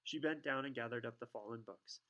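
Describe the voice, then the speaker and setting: A man narrating a children's fantasy novel in a steady, expressive reading voice. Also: medium pitch, a little fast, muffled recording. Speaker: audiobook reader. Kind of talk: storybook narration.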